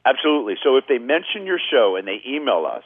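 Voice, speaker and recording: A man's voice: medium pitch, quick pace, slightly rough, no echo. A man, a guest communication trainer, explaining on a radio show and acting out quoted people in his stories. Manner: animated storyteller, acts out quoted people. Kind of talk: radio interview, explaining with anecdotes. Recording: tinny phone line, dry.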